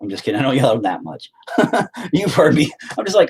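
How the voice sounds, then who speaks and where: A man's voice: medium pitch, big pitch swings, quick pace, darkish tone, breathy edge. A middle-aged man chatting casually on his vlog, rambling, swearing and sarcastic. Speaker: vlogger, band vocalist.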